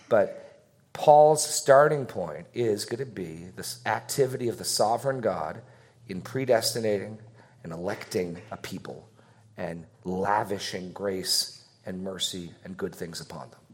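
A man teaching a Bible passage to his congregation in a conversational way, thinking aloud with fillers and slowing down to stress the verses he reads. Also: deep voice. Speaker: pastor.

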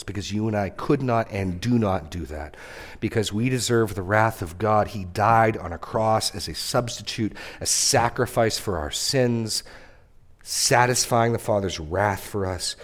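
Male pastor, fairly low voice, earnest sermon delivery with emphatic rises. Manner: earnest, repeats words, rises and drops in pitch for emphasis.

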